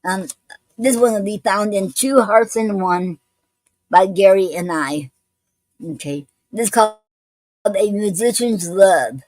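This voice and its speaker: A woman's voice: medium pitch, a little slow, long pauses, a little mellow, dry recording, rough recording. A woman hosting a poetry show, reading poems aloud and chatting between them with many hesitant fillers and restarts.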